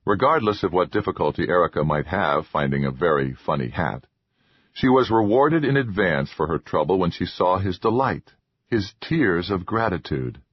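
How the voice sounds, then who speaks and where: Man, audiobook narrator, deep husky voice, lively intonation, dry slightly muffled recording. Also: moderate pace, dry recording. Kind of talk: scripted horror audiobook narration.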